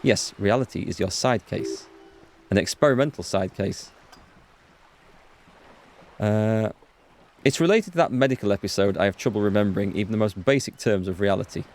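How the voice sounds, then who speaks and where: A man's voice: fairly low pitch, normal speed, long pauses, darkish tone, natural voice. A man reading the lines of an odd, forgetful middle-aged male detective in a game, hesitant and plain, in his own voice. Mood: offbeat.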